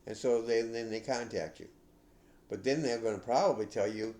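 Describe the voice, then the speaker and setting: An older man hosting a podcast, giving casual advice in a rambling, halting way with many restarts. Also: medium pitch, a little mellow, roomy sound. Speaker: podcast host.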